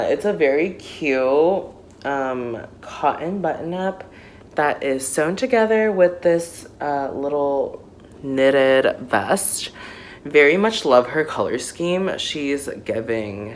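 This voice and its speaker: A woman in her thirties chatting casually through an unboxing, gushing and excitable, with lots of fillers, recorded on a phone. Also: deep voice, slow, slight background noise, rough recording. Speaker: doll unboxing vlogger. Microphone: phone camera.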